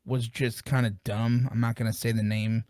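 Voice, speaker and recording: A man's voice: mid-range voice, flat delivery, normal speed, mellow, no room sound, clean studio sound. A man co-hosting a casual music review podcast, joking and rambling with plenty of fillers. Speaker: podcast co-host.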